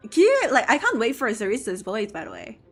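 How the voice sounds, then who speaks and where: A young woman streamer chatting casually while gaming, chatty and excitable, filling her talk with "like" and "I don't know". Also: a little high, brisk, faint music behind.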